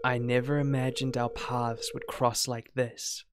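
A man reading out the lines of an obsessive young village woman from a farming game, in a put-on voice that is soft and syrupy but can turn low and menacing. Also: flat delivery, a little slow, noisy background, natural voice. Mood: ominous. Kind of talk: reading game dialogue aloud in character.

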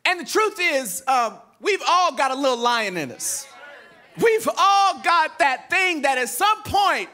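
A male pastor in his thirties delivers a sermon in a strikingly high voice that swoops up and down. His tone is bright and ringing, and he tells stories in a funny, slangy, animated way. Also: unhurried. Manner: animated, humorous storytelling in casual slang.

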